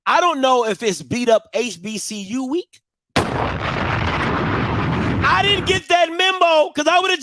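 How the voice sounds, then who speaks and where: A man hosting a show in casual commentary, animated and full of repeated catchphrases. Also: very high-pitched. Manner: animated, repeats catchphrases, bursts into loud laughter. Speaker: show host.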